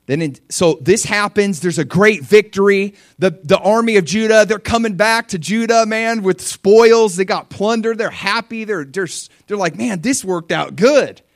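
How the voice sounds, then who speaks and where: A middle-aged man delivers a sermon in a slightly high voice, recorded close and dry. He is animated, often leaping into excited, shouted character voices as he acts out the story. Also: moderate pace, few pauses, no echo. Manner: animated, acts out excited voices of God with big pitch jumps. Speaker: pastor.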